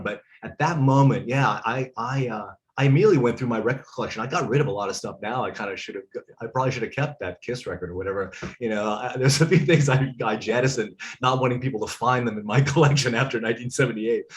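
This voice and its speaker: A man's voice: medium pitch, fast. A man in his fifties, a drummer guest on a video call, looking back on his youth with many fillers. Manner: reminiscing, many fillers and restarts. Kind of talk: casual video call chat.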